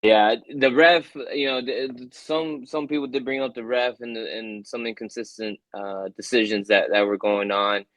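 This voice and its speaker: A man co-hosting a soccer podcast, speaking in a hesitant way with many pauses and restarts. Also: mid-range voice, steady tone, fairly bright tone, no room sound, rough recording. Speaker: podcast co-host. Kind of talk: casual podcast chat.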